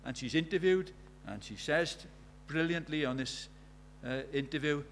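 A man's voice: on the high side, moderate pace, slight background noise. A man preaching a sermon in an earnest way, telling stories and asking his listeners many questions.

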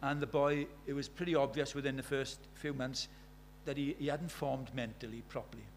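A man with a South Welsh accent preaching a sermon, earnest, moving from loud emphasis to hushed storytelling. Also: mid-range voice, fairly even intonation, fairly quick, a little hiss or hum. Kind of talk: sermon with personal stories.

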